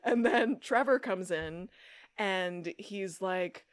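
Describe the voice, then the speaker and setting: Animated woman podcast co-host. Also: medium pitch, slow. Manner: animated, swears, acts out quotes. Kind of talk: casual chat recapping a TV episode.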